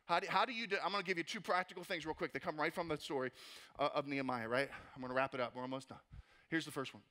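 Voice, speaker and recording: Guy preaching, pretty high voice, lots of rhetorical questions, lively. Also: rapid-fire. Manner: energetic, rhetorical questions and playful asides. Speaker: pastor. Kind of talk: sermon.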